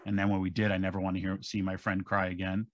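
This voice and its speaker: A man's voice: low voice, fast talker, no echo. A man, a podcast co-host, retelling a story in casual chat and acting out what people said. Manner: animated, acting out quotes.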